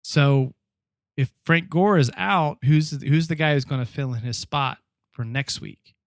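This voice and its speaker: A man's voice: a little high, measured pace, no echo, studio quality. A man hosting a podcast, chatting casually as he recaps a TV episode and patiently explains details with many restarts. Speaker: podcast host.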